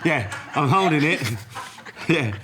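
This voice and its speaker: A man's voice: on the high side, animated, slow, very noisy. Laughing man telling a story. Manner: laughing often, full of quoted back-and-forth. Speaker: podcast guest. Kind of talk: casual storytelling chat.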